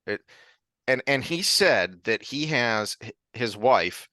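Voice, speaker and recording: A man's voice: mid-range voice, animated, slow pace, bright, forceful tone, no echo. A man co-hosting a casual book podcast, rambling with frequent restarts and easy laughter. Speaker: podcast co-host.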